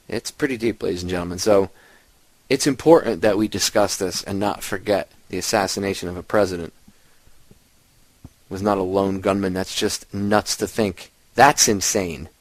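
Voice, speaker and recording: A man hosting a talk show, ranting at his listeners with plenty of emphasis. His voice sits on the low side and sounds close and dry, with almost no room around it. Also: no echo, poor audio. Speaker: host. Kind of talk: radio show monologue.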